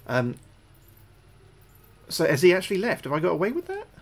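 Gravelly British man streaming a game. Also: high-pitched, huge pitch swings, a little fast. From United Kingdom. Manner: chatty, repeats his own phrases, thanks viewers between moves; jumpy and loud when spooked in the game. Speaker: gaming livestreamer. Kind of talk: live gameplay commentary.

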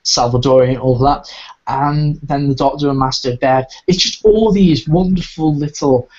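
A man's voice: medium pitch, normal speed, darkish tone. A man hosting a casual podcast review, talking with keen enthusiasm and rambling through frequent restarts. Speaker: podcast host reviewing audio dramas. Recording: dull lo-fi recording.

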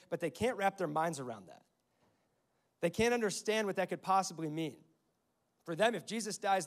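A young man in his twenties or thirties preaching a sermon as a pastor, telling stories in a conversational way and quoting scripture. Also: high-pitched. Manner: conversational storytelling, quotes scripture.

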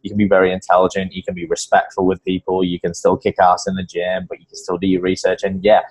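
A man's voice: deep voice, completely flat delivery, quick pace, slightly rough. A man with an English accent hosting a podcast interview in an enthusiastic, rambling way with lots of fillers. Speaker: podcast host. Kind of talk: casual interview chat.

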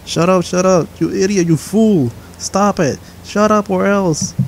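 A man's voice: medium pitch, steady tone, brisk, mellow, slight background noise, lightly acted. A man voicing a harsh, scornful inner voice that snarls insults. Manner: snarling, contemptuous.

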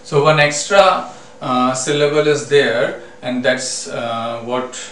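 A man lectures on a poem at an unhurried pace, stopping often to search for words. He sounds a little distant from the mic, and the room rings with echo over a faint hum. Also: mid-range voice, fairly even intonation, a bit bright. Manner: slow and deliberate, many fillers. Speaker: literature teacher. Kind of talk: poetry lecture.

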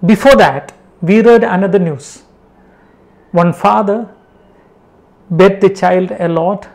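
A man's voice: high voice, slow, darkish tone. Emphatic male preacher. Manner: emphatic, with strings of short rhetorical questions; repeats words and phrases for emphasis. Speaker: Christian preacher. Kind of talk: spoken sermon.

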